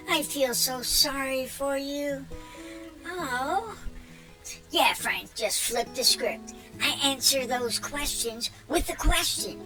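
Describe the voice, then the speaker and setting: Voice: high voice, heavily acted, low-quality recording. A performer voicing a chatty, hyped-up male robot buddy who talks at length and mocks those who pester him. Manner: long-winded, animated, mocking. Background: clear music.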